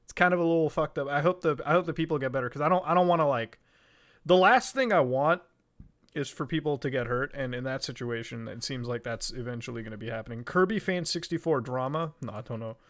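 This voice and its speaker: A young man chatting casually on a livestream, swearing a lot, getting excited and laughing often. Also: mid-range voice, fast talker. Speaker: streamer.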